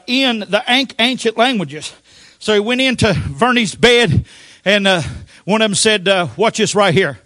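An older man preaching a Pentecostal sermon, telling folksy stories with frequent amens and sudden shouted outbursts. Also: high-pitched, no room sound, studio quality.

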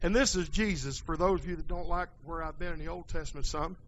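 A man preaching a folksy sermon in a church, dropping quiet and then rising to hollering. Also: a little high, fast talker, muffled recording, slight background noise.

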